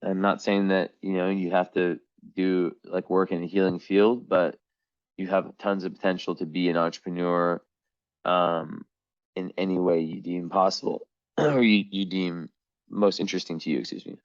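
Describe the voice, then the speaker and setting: A man giving a casual astrology reading to camera, meandering and hesitant, with a voice that is going hoarse. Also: sits low, little pitch movement, moderate pace, dry recording, muffled recording. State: losing his voice.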